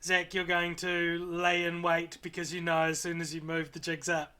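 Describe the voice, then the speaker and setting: A man narrating as game master of a tabletop game, unhurried and pausing often on fillers. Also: on the high side, monotone, bright, forceful tone, clear, resonant tone. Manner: unhurried, many filler pauses.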